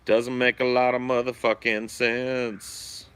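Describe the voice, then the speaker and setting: A man's voice: medium pitch, little pitch movement, takes it slowly, a bit bright, clear, resonant tone. A young man hosting a livestream, chatting casually in a crude, profane and joking way. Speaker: livestream host.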